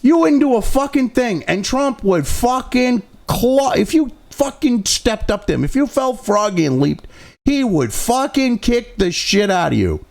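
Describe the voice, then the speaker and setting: Middle-aged male host, slightly high, gravelly voice, angry profane political rant. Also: sing-song, measured pace. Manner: angry, profanity-laden, sarcastic.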